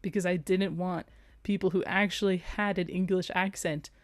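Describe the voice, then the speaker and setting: A woman's voice: fairly low pitch, fairly even intonation, normal speed, no room sound. A young adult woman streaming, chatting casually and playfully, with frequent giggles and rambling asides. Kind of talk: casual livestream chat.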